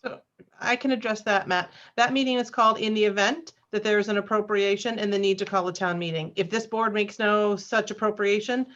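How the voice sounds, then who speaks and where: A woman's voice: mid-range voice, a bit bright. A woman who sits on the town's board of selectmen, explaining the meeting procedure in an orderly way. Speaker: town selectman. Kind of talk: public meeting discussion. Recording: dull lo-fi meeting audio.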